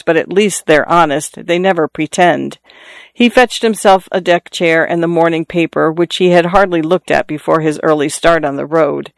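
A man reading a novel aloud as narrator, in a measured, even storytelling manner. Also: fairly high pitch, no echo. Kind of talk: scripted audiobook narration.

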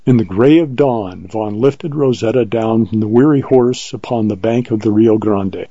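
A man narrating an audiobook with steady scripted storytelling. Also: fairly low pitch, normal speed, slightly rough, no room sound, highs cut off.

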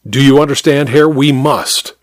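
A man's voice: mid-range voice, fairly even intonation, moderate pace, dry recording, clean studio sound, close to an everyday voice. A man voicing a cold, proud doctor who speaks in tight, clipped lines and gets nervous. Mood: tense.

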